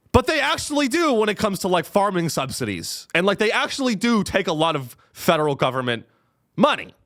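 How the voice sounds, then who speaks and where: A man's voice: fairly high pitch, a bit bright. A young man hosting a comedy podcast. He sounds caffeinated and rambles through a profane monologue, full of restarts.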